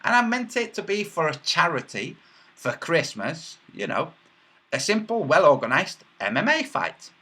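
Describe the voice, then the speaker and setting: A husky-voiced man chats casually on a livestream. His pitch swings widely and his tone is bright and sharp. He rambles and mocks, filling pauses with stretched sounds. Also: big pitch swings. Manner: rambling and mocking, with many filler sounds. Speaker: livestream host reading chat.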